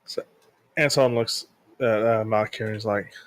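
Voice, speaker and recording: Male player, relaxed tabletop role-play chatter, dry close sound. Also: fairly low pitch, moderate pace, dry recording.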